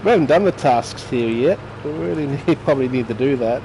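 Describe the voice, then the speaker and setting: A man chats his way through a driving game, teasing his viewers by name in a relaxed, joking way. His voice sits at an ordinary middle pitch. A faint hiss runs under the recording. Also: brisk, poor audio. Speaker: gaming streamer. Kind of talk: casual gameplay commentary.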